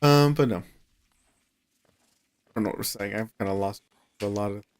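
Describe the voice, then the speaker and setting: A man's voice: on the low side, moderate pace, clean tone. Tired, rambling man streaming. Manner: rambling, self-deprecating, trails off mid-sentence. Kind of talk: casual gameplay streaming commentary.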